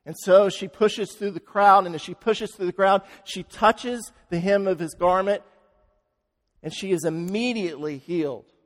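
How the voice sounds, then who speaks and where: A man preaching a sermon, telling a story dramatically and swinging from loud, fast passages to hushed, slow ones. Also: high-pitched, long reverb tail.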